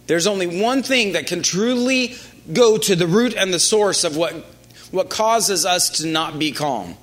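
A man delivers a conversational sermon, often restarting phrases, and his voice drops low and quiet whenever he quotes lines.

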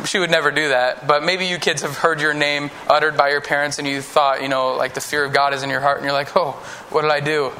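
A man's voice: fairly high pitch, level tone, fast, few pauses, sharp tone, slight background noise. A man giving a children's sermon in a conversational way, acting out Bible characters in voices. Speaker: preacher teaching children.

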